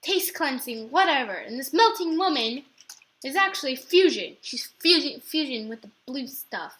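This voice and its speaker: A young woman narrating her let's play of a horror game in a chatty, excitable way, often breaking into her characters' lines. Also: sits high, moderate pace. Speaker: gaming channel host.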